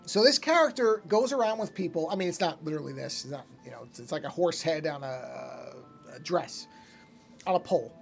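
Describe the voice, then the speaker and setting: A man's voice: on the high side, animated, fairly quick, vocal fry, soft background music. Rambling man streaming while he draws. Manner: rambling, talks to chat, stops often to fix things. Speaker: art streamer. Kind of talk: casual live-stream chat while drawing.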